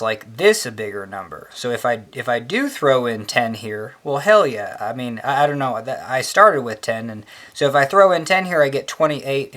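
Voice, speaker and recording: A man's voice: mid-range voice, a bit bright. Rambling man explaining a logic puzzle. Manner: chatty, filler-heavy, says "hell yeah" a lot. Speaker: math tutor.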